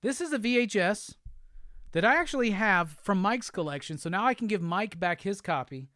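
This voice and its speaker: Excitable, cursing male host. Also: high-pitched, normal speed, no room sound, clean studio sound. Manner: excitable, profane, exclamatory. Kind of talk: casual livestream unboxing chat.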